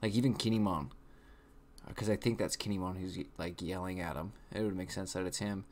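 A man's voice: low voice, steady tone, a little fast. A young man giving casual live commentary on a comic chapter, talking loosely with lots of "like". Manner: casual, loose phrasing with frequent "like". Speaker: reaction video host.

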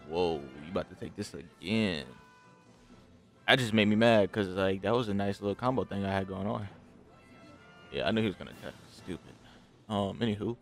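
A young man giving casual gameplay commentary, trash-talking his opponent and swinging from grumbling to hype. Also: lowish voice. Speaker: gaming channel host. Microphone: desk mic with game audio.

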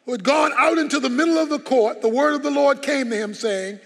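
A man's voice: very high-pitched, fairly quick, gravelly. A man preaching a sermon as pastor, emphatic and full of rhetorical questions. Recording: long hall reverb.

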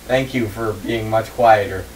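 A man's voice: lowish voice, a little slow. Man calling a sim race from a distance. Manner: reads grid lines in a steady list, joking banter. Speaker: race commentator and host. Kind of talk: casual race commentary. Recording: distant mic with faint room noise.

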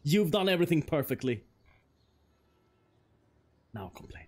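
A man's voice: on the high side, very animated, normal speed, husky. A man streaming a card game, chatting casually and joking as he plays. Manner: playful, joking, laughs often, mock-French asides. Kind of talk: casual gameplay commentary.

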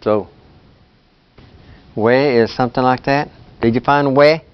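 A man teaching a language class, talking in a relaxed, chatty way and laughing often. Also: medium pitch, a little slow, clean tone, lo-fi sound. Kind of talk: classroom lesson.

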